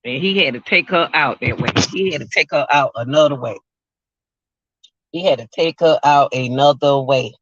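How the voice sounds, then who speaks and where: A man's voice: a little high, moderate pace, fairly bright tone, dry recording, muffled recording. A man giving emotional, repetitive livestream commentary, talking straight to his viewers.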